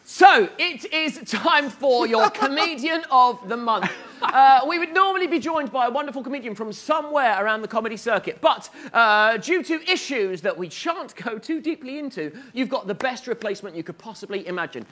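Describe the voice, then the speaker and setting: A man's voice: extremely high pitch, lively intonation, moderate pace, bright, forceful tone. A man hosting a comedy night, introducing the next act to a live audience with upbeat, chatty patter. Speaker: host.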